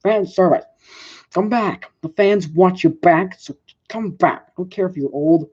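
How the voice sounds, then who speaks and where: A man's voice: sits high, a little slow, a little mellow, breathy edge. A man voicing a pushy, nagging shaggy alien sidekick in a jokey, exaggerated way, on a dull lo-fi recording.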